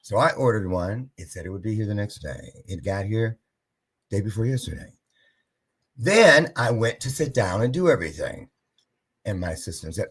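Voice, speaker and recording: A man's voice: medium pitch, moderate pace. A man hosting a live-stream show, telling a story casually and acting out the voices of the people in it. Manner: animated, acts out quoted voices.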